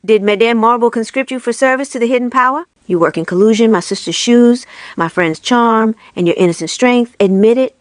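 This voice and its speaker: A woman's voice: a little high, fairly quick, no echo, natural voice. Casting: woman playing a paranoid, bitter witch, accusing and intense, dry close reading.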